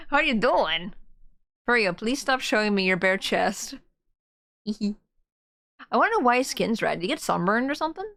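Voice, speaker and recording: A woman's voice: on the high side, big pitch swings, normal speed, gravelly, pauses often, a bit bright. A woman streamer giving casual, giggly let's-play commentary and reacting aloud to a game.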